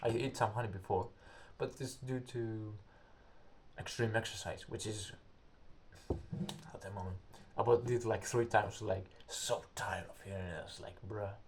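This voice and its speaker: A man's voice: on the low side, steady tone. Young guy telling a story in english, lots of um and like, faint background noise. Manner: rambling, halting, searches for words, acts out quotes loudly. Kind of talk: casual personal storytelling.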